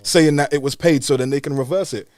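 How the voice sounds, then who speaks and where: A man rattles through a story at speed, his voice sitting high. He talks in loose street slang, swears freely and keeps the telling animated, as casual podcast chat. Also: quick pace, no echo.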